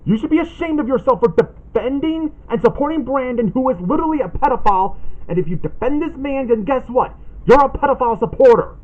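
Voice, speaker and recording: An indignant man hosts a ranting callout vlog and reads posts aloud in an accusatory tone. His voice is high and swings widely in pitch. The recording sounds dull and lo-fi. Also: expressive, a little fast. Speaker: channel host making a callout video.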